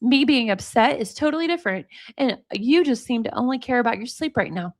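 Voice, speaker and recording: A woman's voice: a little high, lively intonation, a little fast. Angry teen girlfriend, accusing texts, read plainly by a woman. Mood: indignant. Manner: read aloud with little acting. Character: upset teenage girlfriend, demanding and accusing.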